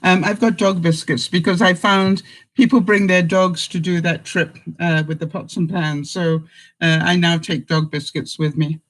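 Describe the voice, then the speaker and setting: A woman's voice: lowish voice, steady tone, normal speed, poor audio. An older woman hosting a casual live-stream chat, talking straight to her viewers and laughing often. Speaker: vlogger host.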